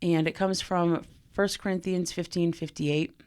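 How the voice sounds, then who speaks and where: A woman's voice: on the low side, steady tone, unhurried, a little mellow, clean tone. A woman co-hosting a casual faith podcast, her voice a little off from a lingering cough, chatty with frequent fillers. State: recovering from bronchitis, slightly off voice. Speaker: podcast co-host.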